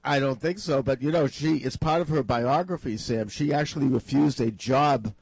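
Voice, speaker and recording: A male talk radio host with a tired, husky voice, emphatically laying out political predictions in casual chat. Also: medium pitch, moderate pace, darkish tone, no room sound, poor audio.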